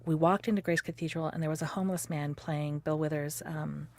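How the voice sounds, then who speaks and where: Animated woman in her fifties, storytelling. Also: deep voice, brisk, slight background noise. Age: 50s. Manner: animated, laughs often, acts out quotes. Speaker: interviewee recounting her courtship. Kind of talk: personal storytelling conversation.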